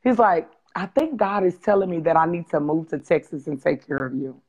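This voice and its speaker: A woman in her forties, a guest telling her life story on a video call interview, open and animated. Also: on the low side, fairly quick, breathy edge, poor audio. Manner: animated, open, acts out quoted dialogue with laughs.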